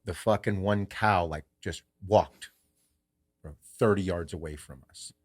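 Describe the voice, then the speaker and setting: A man with a slightly low voice tells a story to his podcast co-host. He talks casually and with animation, and he swears constantly. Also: unhurried.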